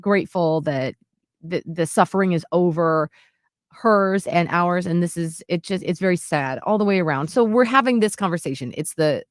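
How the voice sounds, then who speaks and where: Speaking at a moderate pace in a fairly low voice, a woman in her late thirties co-hosts a podcast and tells a personal story in casual chat. She's earnest and heartfelt, often saying "like" and restarting her sentences. The recording is dry and studio quality.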